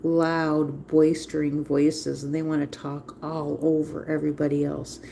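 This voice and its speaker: A woman's voice: deep voice, flat delivery, unhurried, vocal fry, mellow, a little hiss or hum. A woman hosting a livestream, talking casually in a rambling way and repeating phrases for emphasis. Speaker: livestream host.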